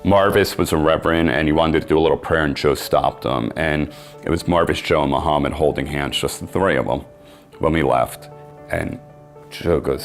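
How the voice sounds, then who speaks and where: Deep gravelly man telling a story. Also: normal speed, music in the background. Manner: animated storyteller, acts out quotes. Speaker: interview guest, sports marketing agent. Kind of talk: storytelling in a podcast interview.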